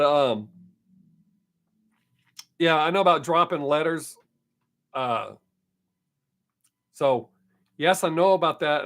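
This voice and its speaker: A man hosting a casual live stream, talking straight to his viewers in a slightly higher voice. He answers their comments one by one in an easygoing way. He is quick to wave off people who only criticize. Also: fairly bright tone. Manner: dismissive of critics.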